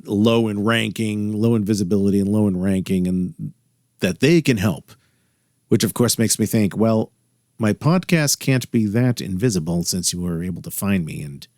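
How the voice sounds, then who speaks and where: A man's voice: fairly low pitch, a little mellow, dry recording. A man hosting a solo podcast, talking in a dry, sardonic way with wry asides. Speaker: podcast host.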